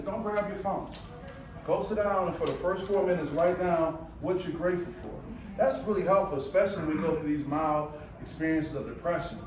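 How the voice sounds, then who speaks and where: A man with a Michigan accent giving a motivational talk to a live audience, telling stories in a conversational, animated way with asides to the crowd. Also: on the high side, background noise. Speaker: speaker presenting to a live audience. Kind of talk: motivational presentation. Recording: echoey room, voice from far off.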